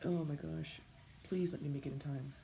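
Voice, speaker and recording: Gravelly low-voiced woman streamer. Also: steady tone, normal speed, heavy background noise. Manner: stammering, talks to chat. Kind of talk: casual live gameplay commentary.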